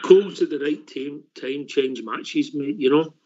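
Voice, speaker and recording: A man's voice: on the high side, measured pace, a little mellow, muffled recording. A man hosting a football phone-in, bantering in an easygoing, joking way. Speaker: radio phone-in host. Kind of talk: casual football phone-in chat.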